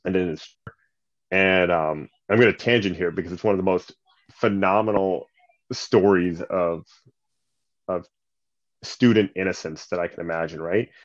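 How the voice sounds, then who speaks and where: Animated man telling stories. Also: low voice, moderate pace, long pauses. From Canada. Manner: animated, lots of fillers, acts out quotes. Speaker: basketball coach and nonprofit leader. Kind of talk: conversational storytelling. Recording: slightly muffled sound.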